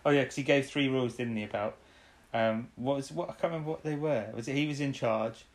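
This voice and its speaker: A woman's voice: rumbling low, fast talker. Rambling woman recapping an episode. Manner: rambling, laughs often, trails off. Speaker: podcast co-host. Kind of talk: casual chat recapping an episode.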